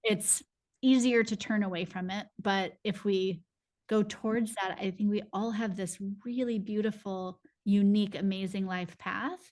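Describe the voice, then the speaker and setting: A woman's voice: mid-range voice, steady tone, normal speed, a little mellow. A woman hosting a podcast, responding to her guest in an affirming, reflective way. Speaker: podcast host. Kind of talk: casual interview chat.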